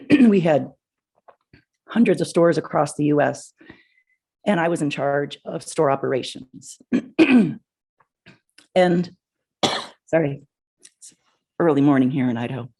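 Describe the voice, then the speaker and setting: A woman's voice: low-pitched, animated, slow, pauses often, darkish tone, slightly rough. A middle-aged woman hosting a podcast, telling a personal anecdote in a conversational way with small restarts. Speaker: podcast host. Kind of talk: personal storytelling on leadership. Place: home in Idaho, early morning.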